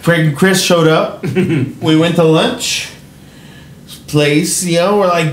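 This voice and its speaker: A man's voice: fairly high pitch, unhurried. A man sharing a laid-back, laughing story in casual podcast chat. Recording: roomy room, faint noise.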